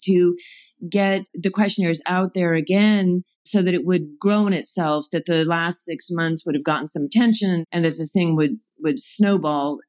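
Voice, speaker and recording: A woman's voice: lowish voice, darkish tone. Woman explaining thoughtfully on a podcast. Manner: thoughtful, explanatory, laughs often. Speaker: guest, advocacy group organizer. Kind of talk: conversational podcast interview.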